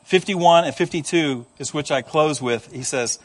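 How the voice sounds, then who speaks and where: A man preaching a sermon to a congregation, animated, acting out the voices he quotes and adding humorous asides. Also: a little high, normal speed. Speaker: pastor. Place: church service before a congregation.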